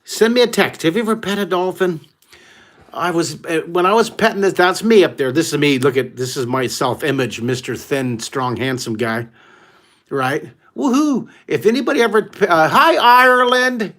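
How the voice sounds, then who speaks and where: A middle-aged American man leading a live online drawing lesson for kids, telling stories with excited whoops. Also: fairly high pitch, normal speed. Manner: exuberant, exclamatory storyteller who whoops often. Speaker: art teacher hosting a live drawing class.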